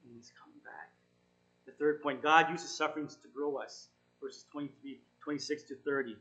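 A man giving an informal sermon, reading scripture and encouraging his listeners in an earnest, halting way with frequent self-corrections. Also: on the high side, steady tone, sharp tone, highs cut off. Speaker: Bible study teacher.

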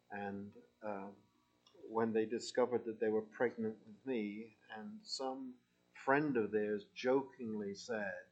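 A man's voice: fairly low pitch, muffled recording. A man preaching a sermon, lightly humorous in asides and emphatic when reading scripture aloud.

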